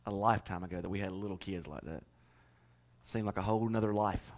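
A man's voice: deep voice, fast talker, slight background noise. A middle-aged man preaching a sermon in a folksy, joking way, speaking straight to the congregation. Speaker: pastor.

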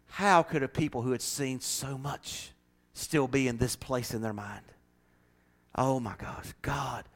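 A man preaching with passion in a high, bright voice. He swings from hushed scripture reading up to ringing shouts. Laughing asides keep it loose and lively. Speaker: pastor. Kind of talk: sermon.

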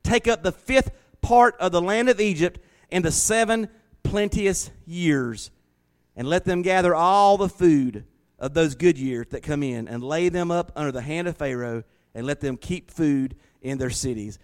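Guy preaching, kinda high voice, goes quiet then loud and shouty. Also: measured pace. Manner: animated preaching, swings between quiet and loud, breaks into shouts. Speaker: pastor. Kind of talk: sermon.

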